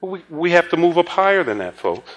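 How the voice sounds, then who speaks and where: A man's voice: a little high, sing-song, a little fast, fairly bright tone. A man preaching a conversational sermon, telling stories with chuckling asides and repeated words.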